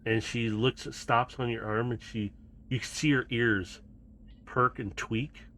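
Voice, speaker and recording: A man running a tabletop game as its game master, narrating scenes casually and with a storyteller's ease. His voice sits at an ordinary middle pitch for a man. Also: fairly even intonation, measured pace, sharp tone.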